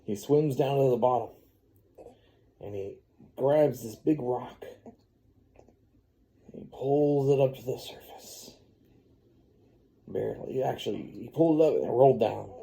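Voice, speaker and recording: A man's voice: medium pitch, unhurried, creaky, pauses often, warm tone. A man improvising a rambling, playful story for a baby. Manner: rambling, playful, sing-song. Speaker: parent telling a story to a baby.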